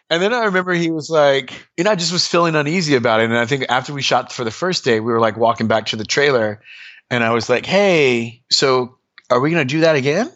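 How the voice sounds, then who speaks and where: A man being interviewed, telling stories in a casual, animated way with lots of fillers and sudden jumps in pitch. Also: fast. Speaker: interview guest. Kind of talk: casual storytelling.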